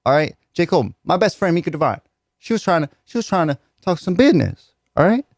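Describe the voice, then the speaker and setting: A young man mocks and jokes through a radio rant, circling back to the same lines. His pitch jumps around a lot, and the dry studio sound carries no room echo. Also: very animated, fast talker, darkish tone. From United States. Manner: joking, mocking, repeats himself. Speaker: radio host and rapper. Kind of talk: comedic rant commentary.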